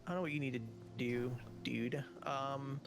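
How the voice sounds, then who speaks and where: A man's voice: mid-range voice, fairly even intonation, normal speed, gravelly, faint music behind. A man chatting casually over voice chat with his gaming teammates, in a laid-back, offhand way.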